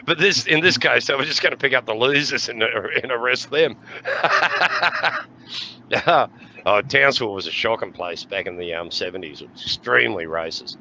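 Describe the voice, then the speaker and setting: A man's voice: medium pitch, normal speed, gravelly, pushed and bright, slight background noise, poor audio. An Australian man in his sixties telling rowdy stories in casual chat, laughing often and swearing freely. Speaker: podcast host.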